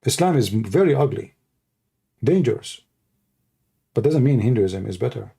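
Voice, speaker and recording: A tired man rambles through an unscripted livestream monologue, combative and mocking. His voice is dark and mellow, sitting at an ordinary male pitch. He sounds worn after hours of talking. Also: expressive, moderate pace, gravelly, breathy edge. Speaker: livestream host.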